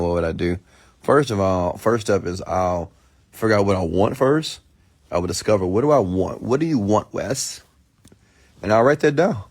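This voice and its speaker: A man casually chatting on a late-night livestream, rambling and excitable while he reads and answers viewer comments, still getting over food poisoning. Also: lowish voice. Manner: rambling, excitable, lots of restarts.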